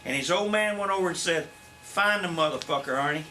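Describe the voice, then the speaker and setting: A former wrestler in his fifties, guesting on a shoot interview, speaks in a high-pitched voice at a fairly quick clip. He has a drawl and is an animated storyteller whose tales are blunt and profane, with a little background noise audible.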